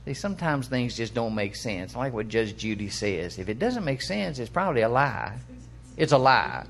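A man's voice: medium pitch, very animated, gravelly. An older man preaching a sermon in a conversational way, asking his listeners questions and reading scripture aloud. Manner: acts out quick quoted voices for illustration.

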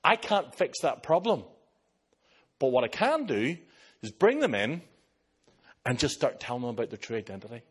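With long pauses and a slightly rough mid-range voice, an Irish-accented pastor preaches at normal speed. He's animated as he tells stories, shifting into others' voices along the way.

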